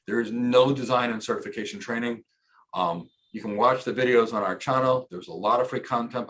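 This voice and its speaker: A man's voice: mid-range voice, a bit bright. American male host, coaching tone, punches his key lines, mid-range voice. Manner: emphatic, coaching, repeats key points for punch. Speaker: host and cloud architecture instructor. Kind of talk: live-stream career talk.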